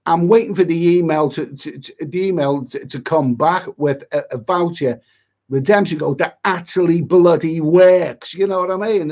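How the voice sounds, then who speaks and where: A man's voice: on the high side, normal speed, darkish tone, dull audio. A middle-aged man on a livestream, chatty and exasperated, rambling with many repeats and asides. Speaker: travel vlogger on a livestream.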